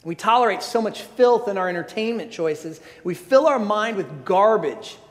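A man's voice: sits high, expressive, normal speed. A pastor preaching a sermon, earnest and emphatic, often restarting his phrases. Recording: long hall reverb.

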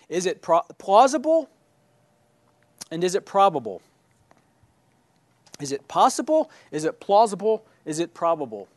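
A man teaching a church class who keeps checking in with his listeners, asking "right?" and "all right?". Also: high voice. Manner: asks questions and checks in with "right?".

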